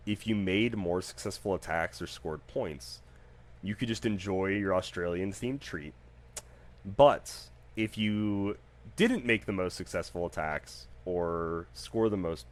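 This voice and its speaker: A man with a low voice hosts a solo podcast. He rambles through stories in a casual, joking way, with frequent fillers and lively bursts of emphasis. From United States. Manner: animated, jokey, rambling with fillers. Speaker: podcast host.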